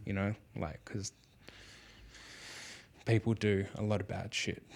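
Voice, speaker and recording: A man's voice: fairly low pitch, steady tone, slow pace, vocal fry, darkish tone. A man and father hosting a podcast, talking casually and rambling with lots of fillers and restarts. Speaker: podcast host.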